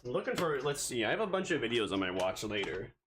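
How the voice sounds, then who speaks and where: A man's voice: medium pitch, very animated, fast talker, fairly bright tone, slight background noise, rough recording. A man streaming live, chatting casually and rambling playfully to himself, a bit out of breath.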